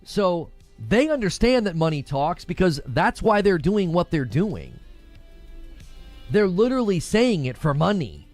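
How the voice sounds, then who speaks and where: Lecturing man with an animated voice. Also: high-pitched, a little slow, faint music behind. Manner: lecturing, repeats his points. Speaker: online video commentator. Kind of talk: opinionated monologue to his viewers.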